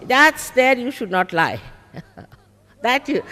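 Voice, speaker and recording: A woman's voice: fairly high pitch, lively intonation, unhurried, pushed and bright. An older woman, a spiritual teacher at a public talk, firmly scolding and repeating her points. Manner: firm, scolding, repeats herself. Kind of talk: public talk, heated exchange with audience. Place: large public hall. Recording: long reverb of a large hall.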